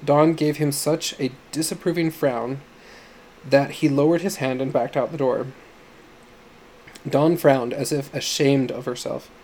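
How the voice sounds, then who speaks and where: A man narrating an audiobook story in a measured storytelling manner. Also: medium pitch, fairly even intonation, darkish tone, a little hiss or hum.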